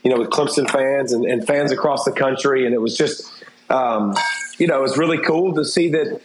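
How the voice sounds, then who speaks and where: A man's voice: medium pitch, normal speed, noisy background. A middle-aged man talking candidly as an interview guest, rambling with restarts and fillers. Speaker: interview guest, former TV football analyst. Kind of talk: casual interview talk. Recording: roomy echo.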